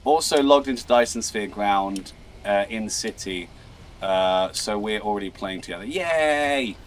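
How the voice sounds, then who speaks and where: A man's voice: fairly low pitch, steady tone, moderate pace, a little hiss or hum. Goofy man streaming a game. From England. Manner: playful and goofy, stammers and repeats words, laughs often. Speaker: livestream host. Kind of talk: casual gaming livestream chat.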